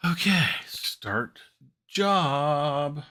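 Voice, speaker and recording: Bright, slow-talking man narrating gameplay. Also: a little high, animated. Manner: chatty, thinking aloud while playing. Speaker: gaming channel host. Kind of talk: casual gameplay commentary.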